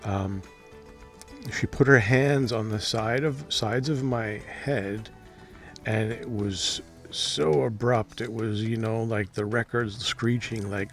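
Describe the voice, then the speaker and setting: A man talking casually about his dreams, hesitant and rambling, with soft laughs. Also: mid-range voice. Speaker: dream vlogger. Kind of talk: casual monologue to camera.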